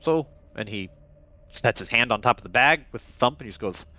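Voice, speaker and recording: A man's voice: mid-range voice, lively intonation, fairly quick, bright, forceful tone, dry recording. A man narrating as game master in a loose, rambling way, with many restarts. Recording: muffled lo-fi mic.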